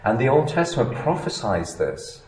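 A man preaching a sermon, swinging between hushed, low asides and loud, emphatic lines. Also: very animated, moderate pace, roomy sound, slight background noise, rough recording.

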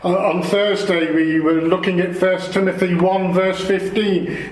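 A man preaching a sermon, explaining scripture in a slow, earnest way. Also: sits high, flat delivery, echoey room, rough recording.

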